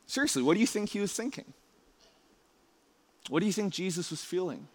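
A man's voice: sits high, animated, brisk, long pauses. A man preaching a conversational sermon, chatty and full of restarts and rhetorical questions. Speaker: pastor. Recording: long reverb of a large hall.

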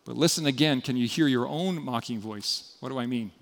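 A man preaching a sermon as pastor, earnest and often dropping to a quiet, intimate tone. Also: mid-range voice, a little fast, creaky. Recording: long hall reverb.

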